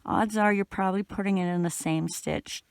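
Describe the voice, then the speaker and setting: Middle-aged woman with a gravelly voice. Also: mid-range voice, normal speed, no room sound. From Canada. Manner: chatty and relaxed, talking while working. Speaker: crochet instructor. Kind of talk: step-by-step crafting tutorial.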